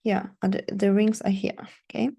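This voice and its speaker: A woman's voice: mid-range voice, flat delivery, normal speed, gravelly, warm tone, breathy edge. A woman dating coach talking straight to her viewers, instructive and repetitive, often checking in with "okay?". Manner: instructive, repeats "okay?" and "don't do it". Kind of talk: coaching monologue.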